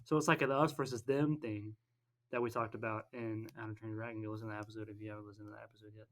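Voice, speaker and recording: A man on a podcast casually recapping a film, rambling and jokey, tossing in quick snatches of character voices. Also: fairly low pitch, little pitch movement, a bit bright. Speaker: podcast co-host.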